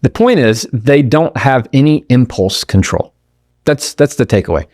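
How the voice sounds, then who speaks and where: A man hosting his own podcast gives an emphatic motivational talk directly to the listener, full of rhetorical questions and quick asides where he acts out the people he quotes. His mid-range voice is animated and a little mellow, recorded at studio quality with no room sound.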